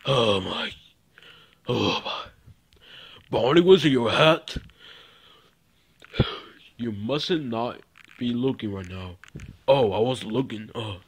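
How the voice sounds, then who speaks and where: Brief: a man ad-libbing a homemade puppet show, slow and rambling, mid-pitched. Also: animated, breathy edge. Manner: rambling and repetitive, with fillers. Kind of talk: improvised toy puppet skit.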